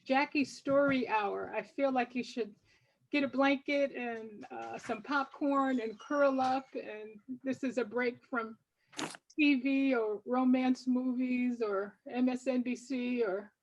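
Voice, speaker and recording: Older woman author sharing her writing with listeners; a measured, devout, reflective read, slightly high-pitched, recorded on muffled audio. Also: fairly even intonation, a little hiss or hum. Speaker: poet and author. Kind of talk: reading from her book to an audience.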